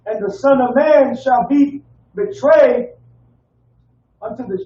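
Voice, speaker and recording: A man slowly reading Bible verses aloud in a class. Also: extremely high pitch, dark tone. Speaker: scripture reader in class. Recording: distant, roomy, dull lo-fi audio.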